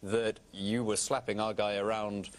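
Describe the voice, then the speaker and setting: A man's voice: fairly low pitch, measured pace, slight background noise. A middle-aged British man, a guest on a TV interview, talking in an articulate, wry way. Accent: British English. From Britain. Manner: articulate, wry, animated storytelling. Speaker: guest politician.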